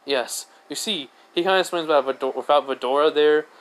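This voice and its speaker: A man's voice: a little high, quick pace, a bit bright, rough recording. Rambling casual male storyteller. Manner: rambling, many fillers and restarts. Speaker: fan storyteller. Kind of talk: casual fan-fiction narration.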